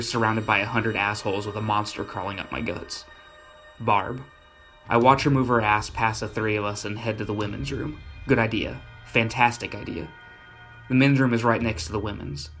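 Gritty deadpan man narrating horror. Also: fairly low pitch. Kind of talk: first-person horror story narration.

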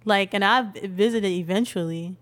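A woman's voice: mid-range voice, moderate pace, a bit bright. Young woman, podcast co-host, casual chat, laid-back, easy laughter.

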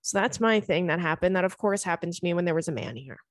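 A woman's voice: lowish voice, lively intonation, quick pace, no room sound. Chatty young woman podcast host, dry sound. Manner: chatty, swears freely, laughs through stories. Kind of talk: casual chat.

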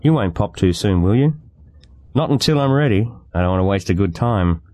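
Brief: man voicing an eager, teasing woman in an audiobook, mellow tone. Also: lowish voice, expressive, brisk, no echo, natural voice. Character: bold, uninhibited adult woman.

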